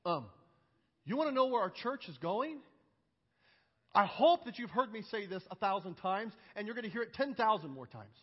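A man preaching a sermon as pastor, earnest and emphatic, building intensity and then dropping low. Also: very animated, normal speed, slightly rough. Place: church sanctuary. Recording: muffled recording with long hall reverb.

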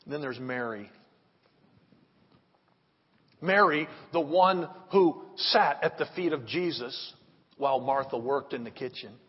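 A man preaching a sermon, swinging between loud emphatic rises and hushed drops. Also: medium pitch, takes it slowly, pauses often, slightly rough, long reverb tail, dull audio. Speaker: pastor.

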